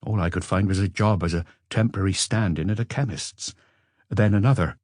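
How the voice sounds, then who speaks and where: Man doing a worn-out sleepless guy, hesitant, earnest, low voice, dry sound. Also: fairly quick, a little mellow, no room sound. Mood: weary. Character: weary, sleepless forty-year-old man under questioning.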